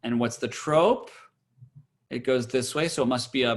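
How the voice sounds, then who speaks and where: A man's voice: mid-range voice, moderate pace. A man teaching a cantor's class on a video call, chatty and playful, slipping into chant.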